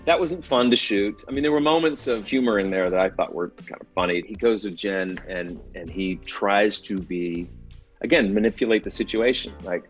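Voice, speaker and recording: A man's voice: on the low side, moderate pace, highs cut off, soft background music. A man, an actor, talking casually in an interview about his work, self-deprecating, laughing often and restarting his sentences.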